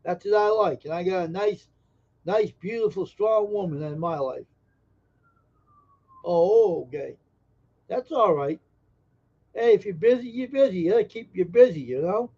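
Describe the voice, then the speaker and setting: A man's voice: high-pitched, unhurried, pauses often, a little mellow, breathy edge, dull audio. A man hosting a casual live stream, joking brashly and teasing viewers in chat. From Massachusetts.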